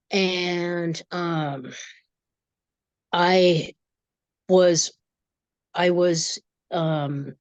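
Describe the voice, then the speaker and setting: A woman's voice: on the low side, darkish tone, no echo. Emotional woman telling a personal story. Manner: emotional, halting, with many restarts. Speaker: guest, energy reader.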